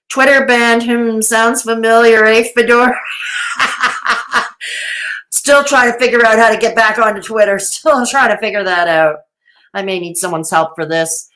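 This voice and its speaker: A woman's voice: on the high side, measured pace, bright, forceful tone. A woman hosting a live commentary stream, reading chat aloud in a sarcastic, chatty way and laughing often. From Canada. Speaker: commentary livestream host.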